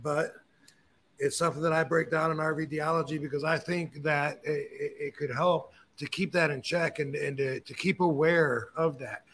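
A man hosting a podcast, telling stories and opinions in a casual, animated way, with frequent swearing. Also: a little high, slight background noise. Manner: animated, profane storyteller. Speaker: podcast host. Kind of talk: casual chat.

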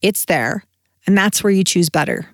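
A woman's voice: fairly low pitch, lively intonation, moderate pace. A woman in her thirties hosting a solo podcast, talking in a candid, encouraging, conversational way. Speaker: podcast host.

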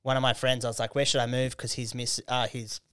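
An Australian man with a smooth, resonant voice chats on a podcast, telling stories full of swearing. He acts out the people he quotes. The sound is close and dry, with no room around it. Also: medium pitch, little pitch movement, fast talker, fairly bright tone, dry recording. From Canberra, Australia. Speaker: guest, comedian and hip hop artist. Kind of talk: casual podcast chat.

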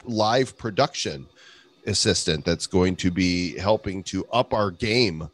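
Animated male podcast co-host. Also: low voice, takes it slowly. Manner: animated, jokey, breaks into voices. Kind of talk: casual chat.

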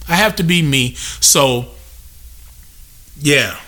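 A young man with a high, bright voice delivers a comedic venting rant on his podcast. He curses freely, stresses his points hard and slips into mimicry of customers. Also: lively intonation, takes it slowly. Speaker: podcast host.

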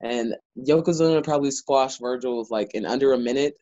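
A man's voice: mid-range voice, fairly quick, dry recording, muffled recording. A man, a wrestler guest, telling stories in a casual interview with lots of filler words. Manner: animated storyteller, lots of "like" fillers.

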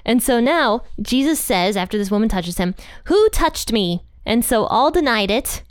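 A woman talks through a Bible passage in a relaxed, chatty way, full of "like" and "you know". Her voice is smooth and clear, and the recording is dry and close with no room sound. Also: a little high, normal speed, no echo. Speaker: Bible teacher. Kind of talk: casual Bible commentary.

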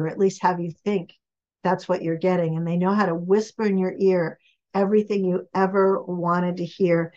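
A woman author and relationship expert, giving a guest interview on a podcast in an emphatic, animated storytelling manner. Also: medium pitch, dull audio.

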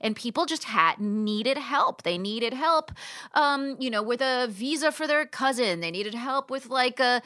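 A woman's voice: sits high, lively intonation, unhurried, pushed and bright, no room sound, clean studio sound. A woman from Southern California hosting a casual panel chat, talking in a rambling way with many restarts. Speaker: podcast host.

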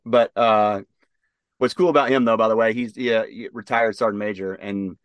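A man from Nebraska, a military veteran, telling his story as an interview guest, halting, with many fillers and restarts. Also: lowish voice, steady tone, smooth, no room sound, dull audio. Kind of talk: casual spoken storytelling.

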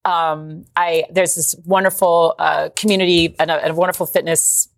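A woman's voice: on the low side, moderate pace, vocal fry, no echo. Chatty woman guest from Georgia. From Georgia, US South. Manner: lively, laughs often, restarts sentences. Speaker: guest performer. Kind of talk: chatty interview. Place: TV studio.

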